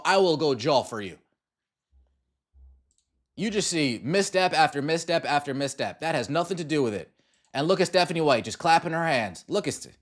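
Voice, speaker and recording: A man hosting a sports podcast, ranting in exasperated commentary over game clips and firing off repeated rhetorical questions. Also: fairly high pitch. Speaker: podcast host.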